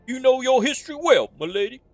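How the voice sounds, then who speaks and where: Fast and very animated, a woman pitches her voice high above her own over soft background music. She's voicing a game's courteous middle-aged male innkeeper on a stream, using a put-on New Jersey wise-guy accent and formal, old-fashioned, courtly speech.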